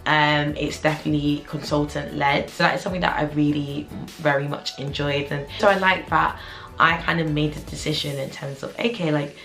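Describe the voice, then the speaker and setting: Low, gravelly young woman. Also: fairly even intonation, brisk, a bit bright. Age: 20s. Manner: candid, chatty, heavy use of "like". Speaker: junior doctor. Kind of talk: casual vlog to camera. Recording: roomy echo with faint music.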